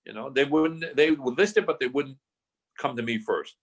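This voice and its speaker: In a relaxed interview, a guest in his sixties who invests in real estate spins lively stories, performing the dialogue himself. His voice is mid-range, and he talks at a moderate pace.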